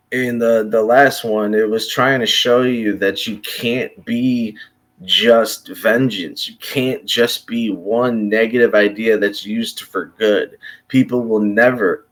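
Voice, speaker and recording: A man's voice: on the low side, fairly bright tone. A man from Chicago delivering an unscripted, impassioned monologue, blunt and profane, often breaking off and restarting his sentences. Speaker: commentator.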